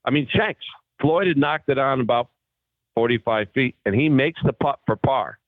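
A man tells long golf stories on a call, slipping into the voices of the people he quotes. His voice has a middle pitch and comes through a thin, phone-like line that sounds dry and close, with no room around it. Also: normal speed, no echo. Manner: animated storyteller acting out quoted voices. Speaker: guest golfer. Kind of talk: casual storytelling.

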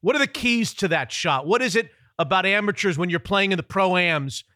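A man hosting a sports radio interview, asking brisk, joking questions about golf. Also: high voice, lively intonation, sharp tone, dry recording, studio quality. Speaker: radio host.

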